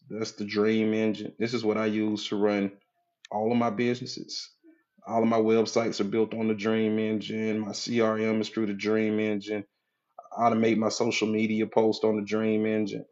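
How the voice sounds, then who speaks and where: A man with a fairly low voice talks casually to viewers on a live stream, greeting them by name and repeating his points for emphasis. He coaches on mindset and pitches his community. The audio sounds dull and lo-fi. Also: a little mellow.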